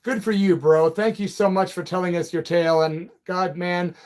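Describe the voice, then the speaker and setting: High-voiced man chatting live. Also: steady tone, normal speed, a little mellow. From Peoria, Illinois. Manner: loose, friendly, calls people brother and man. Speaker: livestream and radio host. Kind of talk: casual live chat reading viewer comments.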